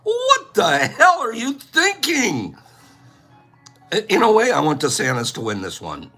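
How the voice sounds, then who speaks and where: Animated, bright-voiced man ranting jokily. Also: high voice, measured pace, faint music behind. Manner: rambling, joking rants. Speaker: livestream host giving away plates. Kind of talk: casual livestream chat.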